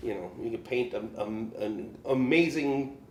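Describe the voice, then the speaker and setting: A man's voice: medium pitch, a little slow. A man telling road stories as a podcast guest, wandering through his sentences with constant "you know"s and a chuckle here and there. His voice sits in the middle of the male range. The room is echoey, with a faint hiss underneath. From Chicago area, US. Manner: rambling, many "you know" fillers, chuckles often. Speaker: guest musician. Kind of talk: casual storytelling. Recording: roomy echo.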